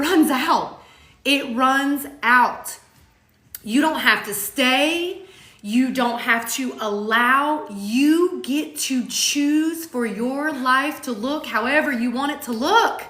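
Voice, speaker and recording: A somewhat high-pitched woman talks in an earnest, emphatic way, driving her points home with repetition and the odd curse. The sound is roomy, with echo off the walls around her. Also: slow, pushed and bright. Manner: emphatic, repetitive, swears casually. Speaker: co-host of a motivational talk show. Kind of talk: heartfelt motivational chat. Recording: echoey room.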